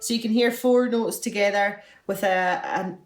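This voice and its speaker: A woman's voice: medium pitch, steady tone, moderate pace, distant mic, soft background music. A young woman teaching a beginner fiddle workshop. She is patient and encouraging, and she counts the notes aloud. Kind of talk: online music workshop. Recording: echoey room, away from the mic, fiddle playing.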